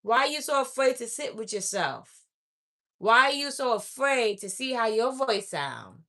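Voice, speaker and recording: A woman's voice: a little high, expressive, measured pace, bright, forceful tone. A woman speaking straight to her viewers as an oracle reader, blunt and preachy, scolding them and repeating her points. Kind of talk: direct-to-camera spiritual message.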